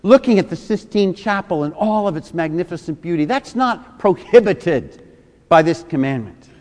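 Pastor in his fifties, somewhat high-pitched male voice, emphatic sermon delivery in a long-reverb hall. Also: animated, moderate pace, a little mellow. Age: 50s. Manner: emphatic preaching with repeated rhetorical questions.

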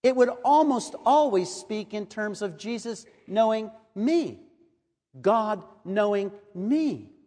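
Man, sermon, earnest measured delivery, high voice, reverberant hall. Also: expressive, warm tone. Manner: measured, earnest scripture reading. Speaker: preacher.

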